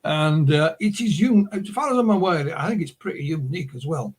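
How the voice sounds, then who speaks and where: A man's voice: fairly high pitch, lively intonation, a little fast, husky. A middle-aged man, an author and publisher, telling rambling anecdotes as a guest in a casual interview. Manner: rambling anecdotal storyteller, full of asides. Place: remote interview call.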